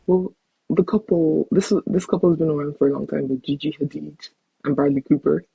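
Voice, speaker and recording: A woman's voice: deep voice, steady tone, brisk, vocal fry, breathy edge, no room sound, phone-quality sound. A woman co-hosting a podcast in casual chat over a remote call, bringing up topics and reading out comments. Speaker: podcast co-host.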